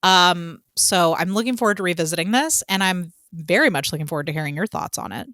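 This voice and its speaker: A woman co-hosting a casual podcast, chatty and excitable, swearing casually and jumping up in pitch when excited. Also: fairly quick, no room sound. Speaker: podcast co-host. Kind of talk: casual chat.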